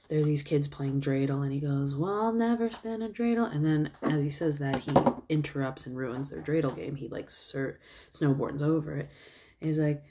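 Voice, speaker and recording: A woman's voice: deep voice, mellow. A woman vlogger chatting casually, recapping at length with lots of "like" and "um". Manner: rambling recap full of fillers and likes. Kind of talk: casual chat.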